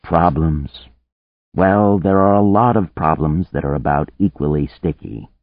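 A relaxed older woman with a faint russian accent, voice low and quiet, read by a man in his deep, lively reading voice, sounding dry and phone-thin. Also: measured pace, no echo. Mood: calm musing. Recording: narrow phone-like band, dry.

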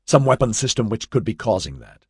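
A man's voice: fairly low pitch, sing-song, brisk, darkish tone, husky, no echo, clean studio sound. A man voicing a cheerful male astrophysicist with a breezy, upbeat manner.

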